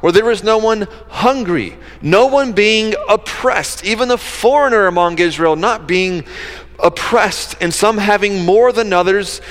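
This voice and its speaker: A man's voice: sits high, a little slow, a bit bright. A man preaching a sermon in an earnest, conversational way, with casual asides. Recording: long hall reverb.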